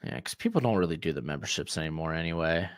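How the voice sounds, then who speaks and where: A man's voice: a bass voice, expressive, fast, clean tone. A young man, chatting casually and jokily as he hosts a football watch-along stream, reading chat and reacting to plays. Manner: rambling, jokey, talks to chat and his dog.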